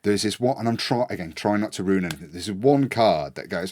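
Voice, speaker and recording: A man's voice: on the low side, fairly quick, few pauses, dry recording. A British man co-hosting a casual podcast chat, telling stories with acted-out quotes. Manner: animated storytelling with acted-out quotes. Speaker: podcast co-host.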